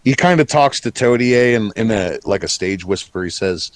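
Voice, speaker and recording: A man running a tabletop game as game master, narrating scenes and speaking for the characters in a slow, animated way. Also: on the low side, no room sound.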